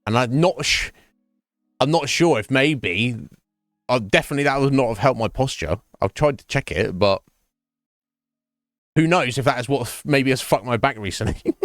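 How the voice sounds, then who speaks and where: A man's voice: mid-range voice, expressive, moderate pace, long pauses, no room sound, studio quality, soft background music. A man chatting casually on a gaming stream at home, rambling and swearing freely. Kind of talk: casual chat while gaming.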